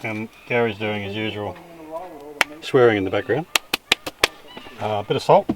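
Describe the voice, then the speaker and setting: A man's voice: on the low side, moderate pace, very noisy. A man chatting casually while he cooks lunch outdoors and drives a bush track. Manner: relaxed, chatty, talks while cooking and driving. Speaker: vlogger. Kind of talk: casual vlog narration. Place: outdoors at a bush campsite and in a vehicle.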